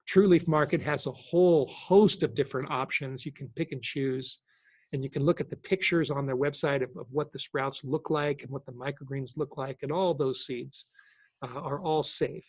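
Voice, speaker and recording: A man in his sixties hosting a casual question-and-answer webinar, talking in a relaxed, halting way with many restarts. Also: mid-range voice, husky, no room sound. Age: 60s. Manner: halting, repeats words, relaxed. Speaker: host.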